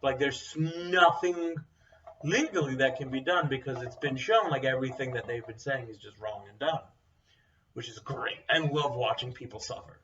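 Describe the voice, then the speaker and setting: A man's voice: medium pitch, moderate pace, fairly bright tone. A young man chatting casually as a co-host. He talks bluntly and rambles, full of fillers. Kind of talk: casual chat. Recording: dull, distant mic sound.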